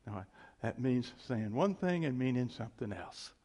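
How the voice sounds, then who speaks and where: A male preacher giving a conversational, animated sermon and often chuckling as he talks. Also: mid-range voice, moderate pace.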